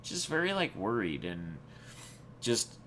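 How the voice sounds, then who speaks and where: A man's voice: lowish voice, huge pitch swings, measured pace, bright, forceful tone, slight background noise. A man hosting his own channel, telling viewers a personal story in a rambling, reflective way with many restarts. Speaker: channel host.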